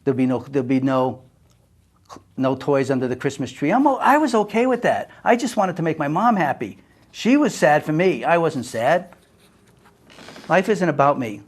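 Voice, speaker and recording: An older American man delivers an earnest monologue about his own life, speaking emphatically and shifting between forceful and hushed tones. His voice sits a little high, and he's animated at a normal speed.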